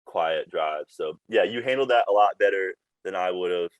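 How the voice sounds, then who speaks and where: Deep-voiced man telling stories. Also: moderate pace, no echo, muffled recording. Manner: chatty, laughs through his stories. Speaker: podcast guest, former team PR staffer. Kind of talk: casual storytelling chat.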